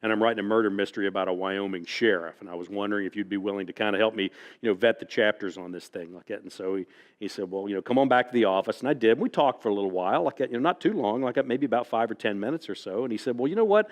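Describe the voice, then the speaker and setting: A man's voice: fairly low pitch, racing. A man from the United States telling folksy stories to an audience, with frequent "like that" asides. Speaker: author speaking to an audience. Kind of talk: storytelling talk. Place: library event hall. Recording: long reverb from a hall.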